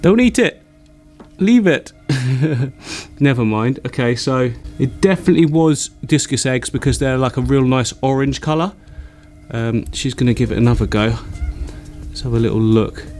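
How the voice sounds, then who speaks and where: Man, mid-pitched voice, excited casual vlog chatter, faint music underneath. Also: moderate pace. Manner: excitable, chatty, laughs often. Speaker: aquarium hobbyist vlogger.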